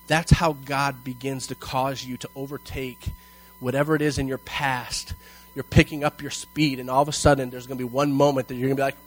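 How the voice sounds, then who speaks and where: A male pastor preaching a sermon to a congregation in church, telling a personal story and acting out its dialogue with animated delivery. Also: medium pitch, moderate pace, breathy edge, soft background music, poor audio. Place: church service before a congregation.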